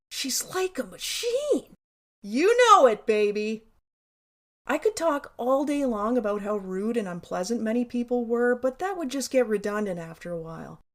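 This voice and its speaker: A woman in a fairly high voice reads her memoir aloud. She is wry and sarcastic and swears casually. The delivery is personal and conversational. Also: a little mellow. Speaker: memoir narrator.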